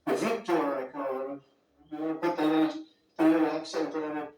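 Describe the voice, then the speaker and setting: Speaking a little fast, a man with a slightly high, level, darkish voice addresses a summit as a political leader. His improvised speech wanders through digressions and superlatives, heard via a distant mic in a very echoey hall with faint music behind.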